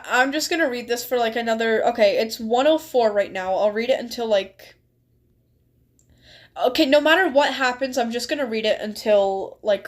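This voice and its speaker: A young woman streaming a game, chatting casually and reading story text aloud with frequent giggles. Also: on the high side. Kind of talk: casual live-stream chat while gaming and reading aloud.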